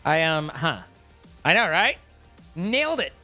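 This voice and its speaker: A man's voice: on the high side, big pitch swings, unhurried, sharp tone, faint music behind. A man streaming live, chatting casually and rambling with many restarts and swear words for emphasis. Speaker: livestreamer.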